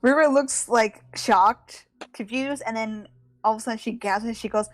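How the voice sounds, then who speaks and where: A woman playing a tabletop game, describing her character's actions in an animated way. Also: a little high, moderate pace, dry recording. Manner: animated, with "like" fillers. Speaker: player.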